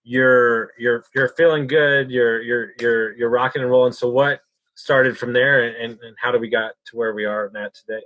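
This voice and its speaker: An encouraging male host with a bright, forward voice, who stumbles over repeated words as he asks. His sound is dry and somewhat dull, like a lo-fi mic. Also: mid-range voice, fairly even intonation, normal speed, no room sound. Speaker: podcast host. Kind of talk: conversational interview.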